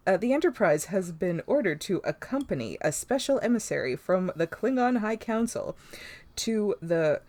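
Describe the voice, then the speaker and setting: A woman's voice: medium pitch, darkish tone, no room sound. A woman co-hosting a podcast, recapping an episode in casual chat, rambling, laughing often and swearing casually. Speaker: podcast co-host.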